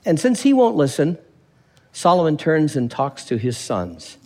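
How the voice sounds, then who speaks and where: Guy preaching a sermon, bit higher voice, bouncy and lively, does little voices for the people in the story, long echo like a big hall. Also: unhurried. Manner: animated, acts out characters, reads scripture aloud.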